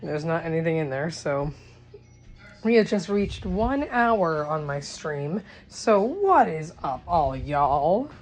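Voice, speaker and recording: Slow-talking woman, chatty livestreamer. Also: deep voice, big pitch swings, soft background music, rough recording. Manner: chatty, rambling, exasperated asides. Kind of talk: casual chat on a home livestream. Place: home.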